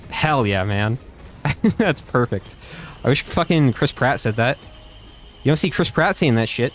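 A man's voice: medium pitch, lively intonation, normal speed, a little hiss or hum. A young man doing casual gameplay commentary, chatting to viewers with frequent swearing and laughter. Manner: profane, laughing, loose chatter. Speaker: YouTuber playing a game and talking to chat.

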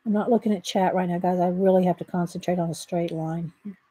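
A woman's voice: fairly low pitch, steady tone, fast talker, mellow, slightly rough, no echo, rough recording. A woman, chatting casually with viewers while she draws in her home art room. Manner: chatty, thinking aloud, talks to viewers. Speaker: artist livestreaming her work. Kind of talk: casual livestream chat while drawing.

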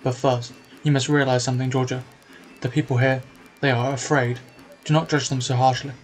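Man voicing a wise talking cat, game character, solemn, formal, mid-pitched voice. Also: level tone, lightly acted, poor audio. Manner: slow, solemn, formal phrasing. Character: wise talking village cat, calm and cryptic.

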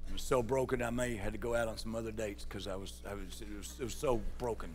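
A pastor preaching a sermon in a folksy way, calling out to the congregation. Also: male voice, lowish voice, fairly even intonation, fast, soft background music. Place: large church sanctuary. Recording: church hall reverb.

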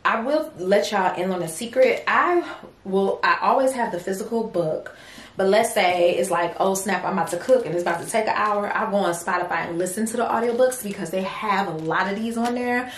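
A woman's voice: medium pitch, fairly quick, echoey room. A young woman casually chatting to her viewers at home, calling them y'all and girlies. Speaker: vlogger and small business owner. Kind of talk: casual chat to camera. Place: home office room.

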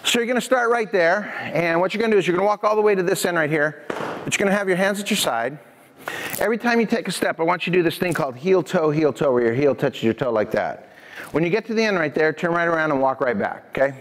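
A man giving a lively prevention talk to a youth audience, telling stories and speaking to the crowd directly. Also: on the high side, fast talker. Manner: energetic, addresses audience directly. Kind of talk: lively presentation with storytelling. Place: church hall. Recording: echoey hall.

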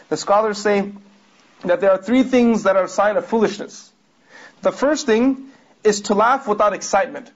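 High-voiced fast-talking male teacher. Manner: explanatory, asks the audience rhetorical questions. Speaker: religious teacher. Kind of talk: lecture commenting on a read text. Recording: dull lo-fi recording.

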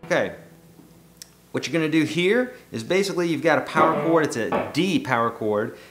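A man's voice: a little high, lively intonation, normal speed. A man giving a casual guitar lesson in a loose, joking, self-deprecating way. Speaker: guitar teacher. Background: guitar playing.

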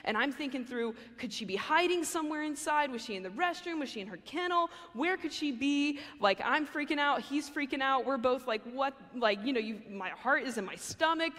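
A woman's voice: sits high, animated, a little fast, few pauses, a bit bright. A young woman giving a casual chapel sermon, chatty and full of fillers. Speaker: chapel speaker. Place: university chapel. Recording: long hall reverb.

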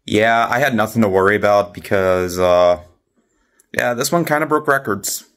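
Guy with a really low voice just rambling on camera, lots of uh and yeah. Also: moderate pace, fairly bright tone. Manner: rambling, many fillers and restarts. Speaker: vlogger. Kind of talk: casual monthly vlog chat.

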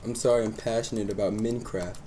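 Excitable young man gaming on a headset. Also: fast, slight background noise. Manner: excitable, teasing, bursts into high yelps. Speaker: let's play host. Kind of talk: casual gaming chat.

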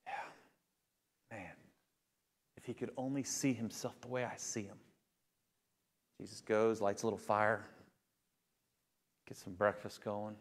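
A male pastor delivering a sermon, telling a story with animated delivery and building to fervent emphasis. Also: on the low side, measured pace, long pauses.

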